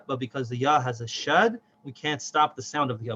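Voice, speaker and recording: A man teaching a recorded reading lesson, who patiently breaks words into syllables and repeats them slowly. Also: medium pitch, a bit bright, muffled recording.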